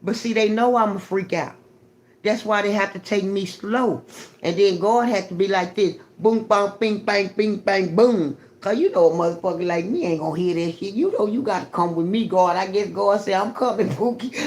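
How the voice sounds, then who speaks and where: Woman livestream host, casual storyteller, profane, animated, repeats herself. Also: mid-range voice, a little fast.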